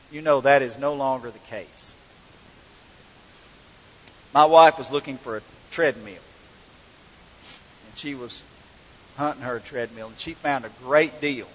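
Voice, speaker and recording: A middle-aged pastor preaching a sermon, mixing folksy storytelling with emphatic points, in an echoey hall with dull sound. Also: male voice, a little high.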